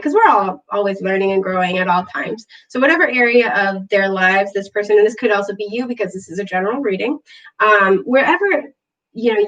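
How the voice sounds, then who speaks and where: A woman giving a casual tarot reading, bubbly and gushing, chatty with lots of fillers, clearing her throat from allergies. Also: mid-range voice, fairly bright tone, distant mic, rough recording. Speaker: tarot reader. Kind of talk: casual spiritual reading to camera.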